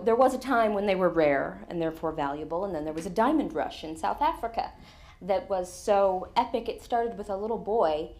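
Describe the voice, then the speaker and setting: A woman, author and guest speaker, telling lively anecdotes and explaining science plainly in an on-stage conversation at a lecture. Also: mid-range voice. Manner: lively anecdotal storyteller, laughs often.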